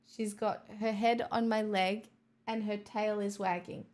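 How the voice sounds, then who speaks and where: A woman's voice: medium pitch, little pitch movement, unhurried, a little mellow. A woman livestreamer chatting casually with her viewers and reading their comments, with playful, mock-boastful banter, frequent swearing and laughs.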